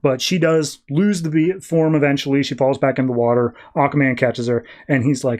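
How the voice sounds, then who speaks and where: A young man on a podcast casually recapping a comic, acting out the characters' lines in quick put-on voices. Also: medium pitch, fairly even intonation, darkish tone. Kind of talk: casual chat.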